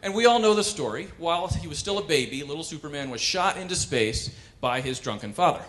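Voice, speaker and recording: A man performing wry, animated stand-up comedy on a cultural center stage. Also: a little high, brisk. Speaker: comedian and pianist.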